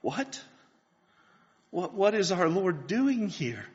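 A man's voice: high voice, sing-song, slow, darkish tone. A man preaching a sermon, earnest and building to fervent pleas, asking his listeners questions. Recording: dull lo-fi sound with long hall reverb.

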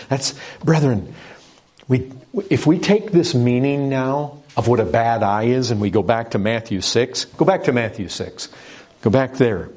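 A man's voice: mid-range voice, moderate pace, a little mellow. A middle-aged man preaching a sermon as pastor, emphatic and repetitive, asking rhetorical questions.

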